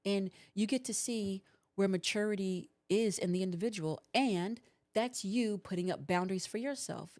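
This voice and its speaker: A woman's voice: medium pitch, normal speed, darkish tone. A woman in her forties, a host and counselor, giving earnest relationship advice on a livestream and acting out what couples say. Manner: earnest, coaching, acts out couples' lines.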